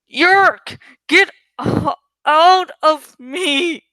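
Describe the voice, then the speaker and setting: A woman voicing a tormented male schoolteacher who shouts and cries out in anguish while possessed. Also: fairly high pitch, very slow, smooth, dry recording, full character voice, poor audio. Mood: anguished crying.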